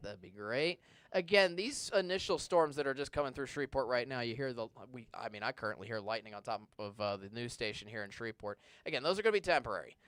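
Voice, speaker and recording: Smooth-voiced TV weatherman in conversation. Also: medium pitch, a bit bright, no echo. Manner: conversational, reads viewer questions aloud; stumbles and restarts when searching for words. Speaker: meteorologist. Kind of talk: live weather Q&A. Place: TV station studio.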